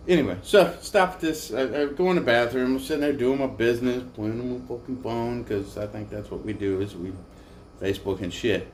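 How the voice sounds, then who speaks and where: A man's voice: medium pitch, brisk. A tired man casually telling a crude, profane, self-mocking story from his motorcycle trip, with a faint background hiss. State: tired from little sleep. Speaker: motorcycle travel vlogger.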